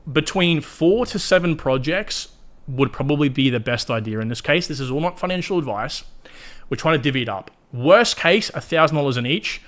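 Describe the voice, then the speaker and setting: A crypto livestream host with an Australian accent talks casually and bluntly straight to his viewers, chatty and full of swearing. His voice is a little high and a bit bright.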